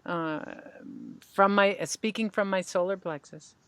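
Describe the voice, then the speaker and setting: This tapping practitioner hosts a podcast with a mid-range, clean-toned voice, unhurried as she calmly leads her guest through points to tap and phrases to repeat. There's no echo.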